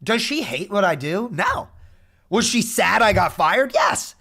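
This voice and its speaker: A young man streaming, telling a story in a casual, profane, animated way. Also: high voice, measured pace, creaky. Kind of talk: casual chat.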